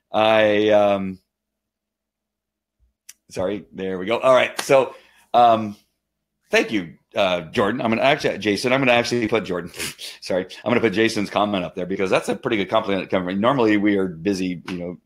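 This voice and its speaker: Excitable man chatting on a live stream. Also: fairly low pitch, a little fast, pauses often. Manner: excitable, chatty, rambling with many restarts. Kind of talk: casual live stream talk.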